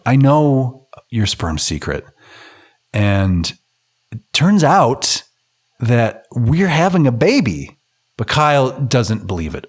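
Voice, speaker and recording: A man casually recapping an old film on a podcast, joking, swearing and acting out the characters' lines. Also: lowish voice. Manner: loose, profane, acts out characters' lines in quotes. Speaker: podcast co-host.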